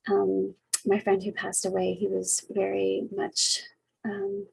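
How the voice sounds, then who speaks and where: A middle-aged woman, a family caregiver, talking through a casual personal vlog in a reflective, halting way with many fillers. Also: medium pitch, completely flat delivery, gravelly, slightly rough, low-quality recording.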